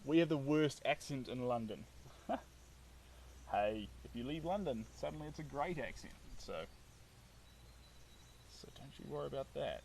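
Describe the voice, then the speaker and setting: A man's voice: mid-range voice, normal speed, gravelly, pauses often, darkish tone, distant mic, slight background noise, rough recording. Chatty New Zealand man, mic set back. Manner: upbeat, chatty, reads out viewer comments. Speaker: painter live-streaming. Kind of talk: casual live-stream chat while painting.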